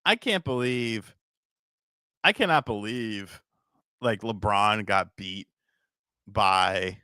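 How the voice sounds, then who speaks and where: A man's voice: fairly low pitch, takes it slowly, bright, forceful tone, smooth, dry recording, studio quality. A man hosting a podcast livestream in a rambling, casual way, swearing and reading donations, tired from a short night. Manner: rambling, swears casually, laughs at own bits. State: tired from little sleep. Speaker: podcast host.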